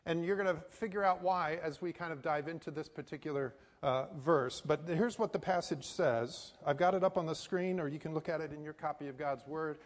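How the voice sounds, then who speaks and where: A man's voice: fairly high pitch, a little fast, hardly any pauses. A middle-aged American man, a missionary pastor, preaching a sermon and telling a personal story in a folksy way with many fillers. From United States. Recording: hall reverb.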